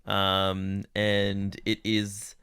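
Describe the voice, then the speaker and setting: Gravelly, teasing male podcast co-host. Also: lowish voice, extremely slow, dry recording. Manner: teasing, deadpan ribbing. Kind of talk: casual banter.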